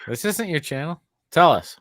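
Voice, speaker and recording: Excitable, swearing podcast host man. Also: a little high, normal speed, no echo, studio quality. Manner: excitable, swears, laughs easily. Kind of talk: casual chat.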